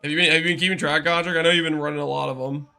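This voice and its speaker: Man, game streamer, casual live commentary, chatty, reads chat aloud, sharp bright voice. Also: a little high, fairly even intonation, racing, gravelly, soft background music.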